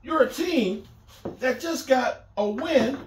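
A middle-aged man giving a casual, animated sports talk monologue, repeating himself as he riffs. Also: extremely high pitch, takes it slowly, reverberant, a little hiss or hum. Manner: animated, repetitive, conversational. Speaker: sports commentator.

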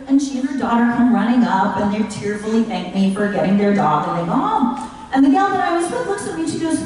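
A woman on a convention panel telling a story, animated, swearing casually and laughing as she goes. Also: on the high side, fairly quick. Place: large convention hall with a crowd. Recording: echoey hall from far off, crowd noise.

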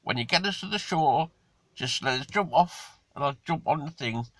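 A man's voice: a little high, animated, moderate pace, bright, forceful tone, no echo, pitched above the performer's own voice, exaggerated voice. A man voicing a sly male scorpion in a spoken fable, pleading and then unrepentant. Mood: coaxing.

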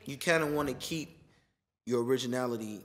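A man who works as a DJ, talking casually in an interview, laid-back and slangy, getting animated when he mimics people. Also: medium pitch, brisk, crowd noise.

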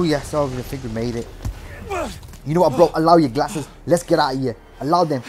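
A man's voice: fairly high pitch, fairly quick, music in the background. A young man doing let's play commentary on a horror game, swearing constantly and yelping in panic. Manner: jumpy, swears constantly, yelps and shouts in panic. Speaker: gaming commentator.

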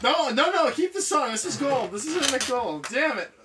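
A goofy, giggly man co-hosts a let's play with plenty of silly jokes. His high voice bounces around and sounds bright. He is somewhat distant from the mic, with game music behind. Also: sing-song, a little fast, background noise. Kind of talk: joking gameplay banter.

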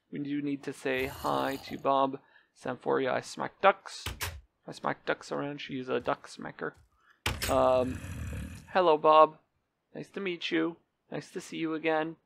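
A man's voice: on the high side, gravelly, fairly bright tone. A man giving casual, rambling gameplay commentary as he tours a game server, with many ums and uhs. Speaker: Minecraft server let's-player.

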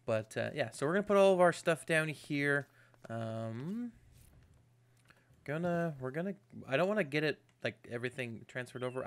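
A man's voice: medium pitch, a bit bright. A man hosting a video game channel, giving upbeat, chatty gameplay commentary with a self-mocking streak. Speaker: gaming channel host.

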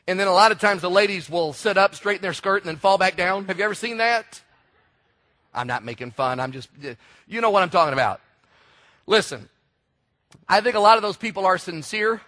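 A man preaching a sermon, telling stories with animated delivery and sudden shouted emphasis. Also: high-pitched. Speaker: pastor.

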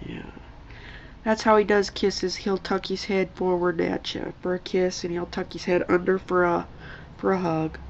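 A woman vlogger talking softly to her old cat and her viewers, in tender coaxing baby talk, sometimes whispering. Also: lowish voice, level tone, vocal fry, lo-fi sound, a little hiss or hum. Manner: slow, gentle, at times whispered. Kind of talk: soft chat to a pet and viewers.

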